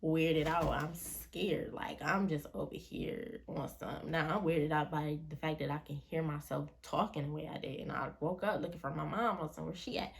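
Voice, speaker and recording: A young woman tells a personal story to her camera in a relaxed, slangy way. Her voice sits low and has a gravelly edge. She slips into the voices of the people she quotes as she talks. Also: normal speed, few pauses. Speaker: vlogger. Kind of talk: casual storytime.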